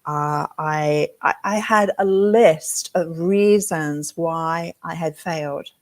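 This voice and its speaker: A woman from England, a hair design educator giving a motivational talk as an animated storyteller who acts out her own thoughts. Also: sits low, takes it slowly.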